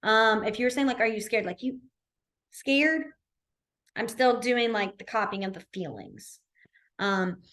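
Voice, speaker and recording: A woman's voice: on the high side, fairly bright tone. A woman teaching a beginner sign language class in a library, chatty and informal, with lots of fillers and self-corrections. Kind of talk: casual class instruction.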